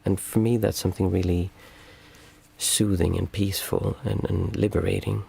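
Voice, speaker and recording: A man hosting a meditation stream, answering viewer questions in a calm, reflective, halting way. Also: low voice, gravelly, husky. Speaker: meditation teacher and stream host. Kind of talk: livestream Q&A talk.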